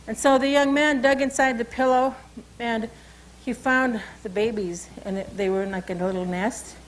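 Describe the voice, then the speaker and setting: High-voiced woman telling a story. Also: slight background noise, poor audio. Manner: unhurried, conversational, with frequent asides. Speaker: tribal cultural educator. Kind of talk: oral storytelling and language lesson.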